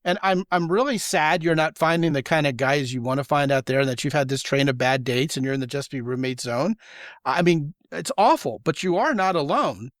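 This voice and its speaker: A man's voice: fairly high pitch, fairly quick, dry recording, clean studio sound. A man hosting a podcast, talking in an emphatic, opinionated way and acting out the quoted voices he describes. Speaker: podcast host. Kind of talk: casual podcast conversation.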